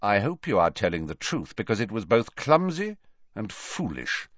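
A cold, stern schoolmaster speaks low and quiet, clipping each word with menace, as a male narrator puts him on. The recording is dry and somewhat dull. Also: sing-song, normal speed, no echo.

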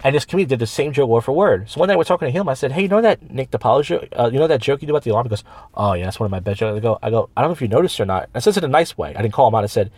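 A man's voice: medium pitch, animated, rapid-fire, darkish tone, breathy edge, no room sound. A man who hosts a podcast and does open mic comedy, telling long stories in casual chat full of restarts and quoted voices. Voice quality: rambling storyteller with many restarts and quoted voices. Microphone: studio microphone.

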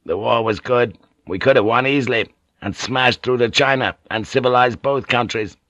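Brooding, ferocious samurai warlord, read by a male narrator, clipped and threatening, mid pitch. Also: normal speed, a bit bright, dry recording, natural voice. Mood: brooding, menacing. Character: ferocious bitter male samurai lord, middle-aged. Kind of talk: audiobook character reading.

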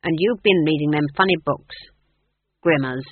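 Narrator putting on an earthy gossipy old witch woman, folksy and slow, husky, phone-like audiobook. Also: medium pitch, sing-song, no room sound, pitched above the performer's own voice, exaggerated voice. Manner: folksy, gossipy, drawn-out speech.

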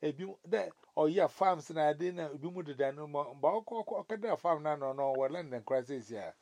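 A man with a Ghanaian accent telling stories in a casual chat, animated and full of restarts. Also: a little high, quick pace, no echo.

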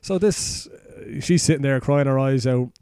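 A man's voice: mid-range voice, unhurried, dark tone, smooth, no echo, clean studio sound. A man with an Irish accent retelling a fairy tale in crude, rambling, sweary casual chat. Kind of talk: casual comic storytelling.

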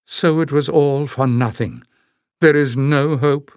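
A man puts on a grief-stricken woman from a storybook, a little higher than his own voice. She mumbles and moans her hopeless words in a dry, close reading. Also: slow pace, dry recording, lightly acted. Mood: despairing. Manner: mumbling, moaning.

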